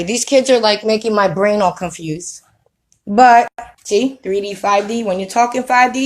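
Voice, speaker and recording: A woman's voice: a little high, low-quality recording. A woman giving a casual spiritual talk to camera at home, preachy and streetwise, who keeps checking with "you know what I mean?". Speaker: spiritual vlogger. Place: home with children around.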